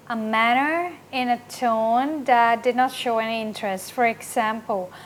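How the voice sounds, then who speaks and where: A woman teaching an English grammar lesson, explaining slowly and often checking with "right?". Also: fairly high pitch, a little hiss or hum.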